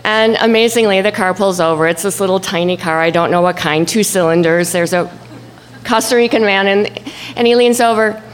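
A woman telling a personal story at a live event, acting out her own shouts and the voices of the people in it. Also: medium pitch, moderate pace. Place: stage before an audience.

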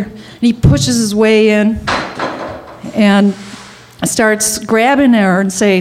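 A woman telling a personal story at a live storytelling event, acting out the people in it and rising higher and louder in tense moments. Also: fairly even intonation, takes it slowly.

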